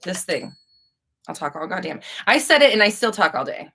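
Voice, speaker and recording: A woman's voice: lowish voice, big pitch swings, normal speed, gravelly, pushed and bright. A young woman hosting a live Q&A stream, rambling and casual with frequent restarts and swearing. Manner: rambling, profane, chatty with restarts. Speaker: livestream host.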